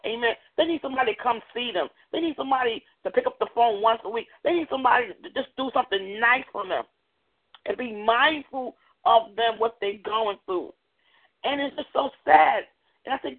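A woman giving an earnest personal testimony as a guest speaker, halting often and restarting her words. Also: fairly high pitch. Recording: tinny phone-like audio.

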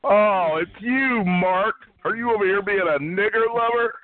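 A man's voice: high voice, measured pace, dry recording, narrow, tinny audio. A man on a phone chat line, taunting and hurling insults in a heated argument.

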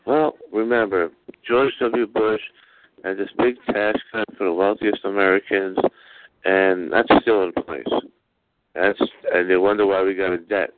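A man's voice: low-pitched, fairly even intonation, unhurried. A blunt, argumentative man prank calling on a chat line. His voice comes through a tinny phone line with faint hiss behind it. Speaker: prank caller host.

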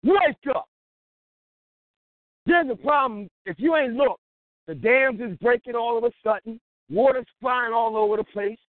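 A man's voice: very high-pitched, a little slow, pauses often, dry recording. A man giving an informal, exhorting sermon-style talk, conversational and punctuated with laughter. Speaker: lay preacher. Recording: tinny phone-like dry line.

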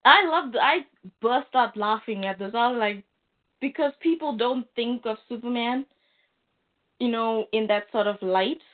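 A woman's voice: a little high, a little slow. A woman co-hosting a casual chat show, recapping a comic book with amusement and plenty of fillers. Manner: chatty and amused, with frequent fillers. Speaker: podcast co-host. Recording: phone-like narrow sound.

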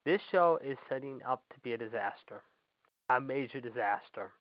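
A man's voice: mid-range voice, lively intonation, moderate pace. A man co-hosting a casual wrestling podcast, talking bluntly and cursing freely. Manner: blunt, profane. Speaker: podcast co-host. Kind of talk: casual chat. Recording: dry dull lo-fi audio.

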